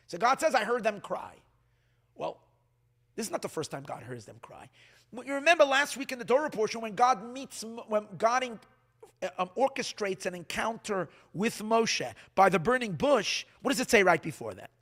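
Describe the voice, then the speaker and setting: A man preaching as a rabbi, his voice high and bright. He swings widely in pitch, and he often restarts his sentences as he works through his points. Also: normal speed. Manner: animated, restarts often, acts out quoted dialogue. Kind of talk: sermon.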